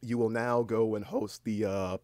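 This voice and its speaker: A man's voice: lowish voice, steady tone, darkish tone, no room sound, studio quality, natural voice. A man putting on Gaia, a motherly nature spirit. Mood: calm. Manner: rambling, halting.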